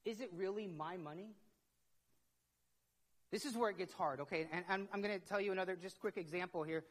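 A middle-aged pastor with a high-sitting voice preaches a conversational sermon at a fairly quick pace, asking himself questions and repeating words as he builds. A long hall reverb trails his voice.

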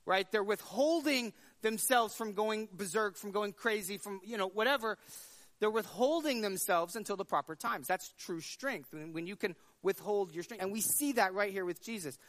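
A man's voice: high-pitched, normal speed, a bit bright. A man preaching a sermon in a conversational way, often repeating words as he talks and acting out the voices in his story.

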